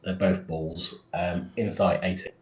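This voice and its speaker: A man with a very low voice, casually playing a tabletop game with dry, laid-back remarks. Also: fairly even intonation, a little slow. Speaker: player.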